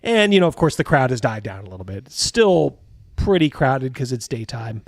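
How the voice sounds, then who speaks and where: A man's voice: mid-range voice, very animated, moderate pace, dry recording, studio quality. Casual, rambling male game master. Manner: casual, rambling, laughs often. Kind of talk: narrating a tabletop game.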